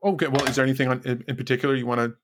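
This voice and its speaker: A man's voice: medium pitch, steady tone, racing, background noise. A man hosting a podcast interview in casual talk, hesitant and full of fillers. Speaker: podcast host.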